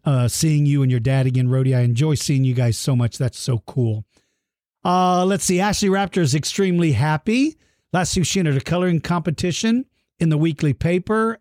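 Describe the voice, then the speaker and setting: A middle-aged man hosting a dinosaur podcast for kids, animated and playful, giving shout-outs and teasing listeners in a mock gruff way. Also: fairly high pitch, dry recording, clean studio sound. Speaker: podcast host.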